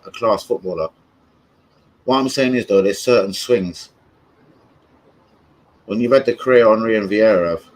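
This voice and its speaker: A man's voice: on the low side, low-quality recording. A young man ranting in a rambling, sweary livestream chat about football. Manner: rambling, sweary, loses his thread. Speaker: football fan streamer.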